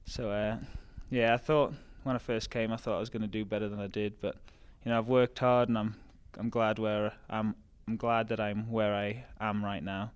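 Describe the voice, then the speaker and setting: Here a young Geordie college runner from Newcastle, England, chats easily as a guest in an interview, sprinkling in plenty of "like" and "um." He has a smooth, lowish voice, keeping a moderate pace with hardly any pauses.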